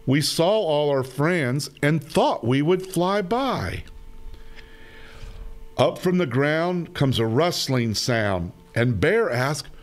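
A man reading a children's picture book aloud in a slow, expressive, sing-song manner. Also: fairly high pitch. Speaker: storyteller.

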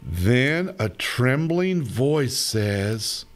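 A man reads a children's story aloud, very slowly and deliberately. His voice rises and falls with lively, sing-song expression, at an ordinary male pitch.

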